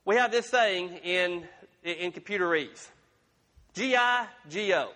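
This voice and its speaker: A man's voice: high voice, takes it slowly, pushed and bright. A man pastor preaching a sermon in a folksy, conversational way with humorous asides, in a church sanctuary. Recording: long reverb of a large room.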